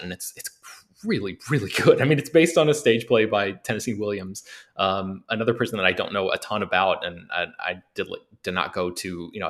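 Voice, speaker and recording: A man from the United States with a fairly low voice, talking casually on a podcast. He rambles and hesitates, circling back to restart his sentences as he goes. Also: a bit bright. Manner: rambling, hesitant, trails through many restarts. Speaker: podcast co-host.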